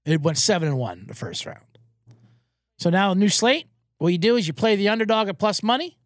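Rambling male betting-show host, high voice with big swings, dry booth sound. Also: brisk, no echo. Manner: rambling, excitable, profane. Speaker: podcast host and sports bettor. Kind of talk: casual sports betting rant. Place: small booth, alone.

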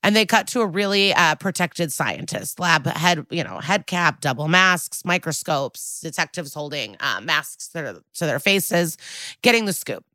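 A woman's voice: sits low, lively intonation, sharp tone, no room sound. A woman co-hosting a podcast, recapping a TV episode in casual chat, sarcastic and profane. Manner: sarcastic, profane, jumps into quick impressions. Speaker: podcast co-host.

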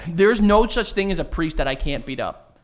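A man's voice: on the high side, normal speed. A young man, co-hosting a podcast in casual comedic chat, telling crude stories with lots of laughter. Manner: crude, animated storytelling with laughs. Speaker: podcast co-host.

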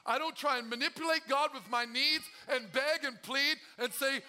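A man's voice: very high voice, moderate pace, hardly any pauses, bright, forceful tone. A male pastor preaching a sermon to his congregation, calling out to them and acting out the prayers he quotes. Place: church.

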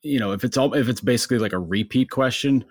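A man co-hosting a podcast who works as a sports reporter, talking casually in a halting, self-mocking way. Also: mid-range voice, no room sound, clean studio sound. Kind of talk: casual chat.

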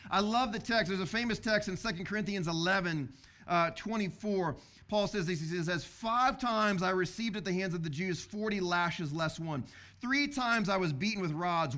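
Bright-voiced man preaching with animated storytelling. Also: fairly high pitch. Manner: animated storytelling, acts out dialogue, frequent restarts. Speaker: pastor. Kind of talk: sermon.

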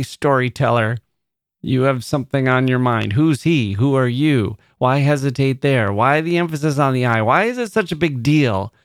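Slow, gravelly man musing on a poem. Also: lowish voice, dry recording, clean studio sound. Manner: slow, musing, reads quotations aloud. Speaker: podcast host. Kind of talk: close reading of a poem.

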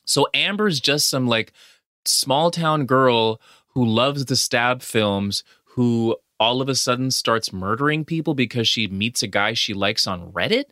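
A man co-hosting a casual podcast about films, talking in an excited way with exclamations and quick restarts. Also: mid-range voice, no echo, clean studio sound. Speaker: podcast co-host. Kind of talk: casual movie chat.

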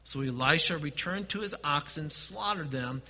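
A man preaching a sermon as pastor, dropping to quiet asides and swelling to emphatic points. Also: a little high, expressive, normal speed, in a large hall, muffled recording.

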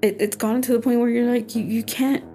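A woman's voice: a little high, steady tone, fast talker, warm tone, soft background music. A young woman co-hosting a podcast, chatting casually with many fillers and restarts. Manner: conversational, loose, with frequent fillers and restarts. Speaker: podcast co-host. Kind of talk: casual chat.

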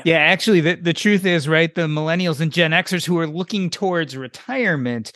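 A man's voice: fairly high pitch, fairly quick, a bit bright, no echo, studio quality. Casual male podcast host asking questions.

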